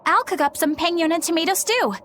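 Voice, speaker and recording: A woman's voice: extremely high pitch, brisk, a crowd in the background. An actress voicing an earnest, proper young woman in a video game, speaking politely and a bit primly. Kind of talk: game voice acting.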